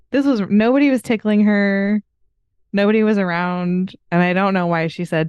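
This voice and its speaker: Smooth-voiced chatty woman podcast host. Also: medium pitch, a little slow, darkish tone, no room sound, muffled recording. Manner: chatty, laughs often while telling stories. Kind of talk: casual chat.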